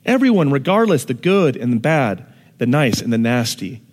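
A man's voice: mid-range voice, normal speed. Man preaching in a reverberant hall. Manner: animated, shifts from hushed to shouting for emphasis. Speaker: pastor. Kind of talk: sermon.

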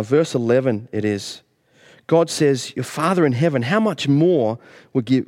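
A man's voice: mid-range voice, a little mellow. A middle-aged man preaching a sermon as pastor, earnest, lifting his voice on key phrases.

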